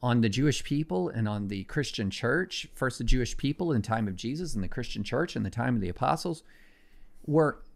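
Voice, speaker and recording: A man's voice: medium pitch, animated, fairly quick, gravelly. A man speaking as a guest on a podcast, answering in an earnest, emphatic way with firm conviction. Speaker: guest commentator. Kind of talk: podcast conversation.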